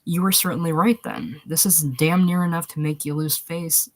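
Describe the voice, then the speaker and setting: A woman's voice: deep voice, normal speed. A woman reading as a scornful indignant man. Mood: disgusted. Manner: bitter, contemptuous. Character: indignant middle-aged man, scornful and self-righteous.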